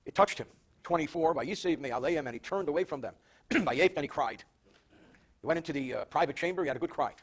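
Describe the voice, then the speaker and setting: An older man, a rabbi, teaching a Torah portion verse by verse, reading Hebrew slowly, translating, and adding dry wisecracks. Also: on the high side, expressive, husky. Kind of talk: verse-by-verse Torah class with jokes.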